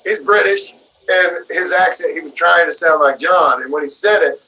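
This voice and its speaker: Guest voice actor: bright, lively man, higher voice, storytelling, quick to laugh. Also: a little hiss or hum, poor audio. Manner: animated storyteller, laughs often. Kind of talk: casual interview chat.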